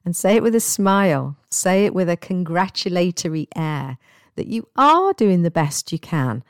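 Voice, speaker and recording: A woman giving a guided self-help talk as a wellbeing coach, speaking in a gentle, encouraging and reassuring way. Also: lowish voice, big pitch swings, moderate pace, no room sound, studio quality.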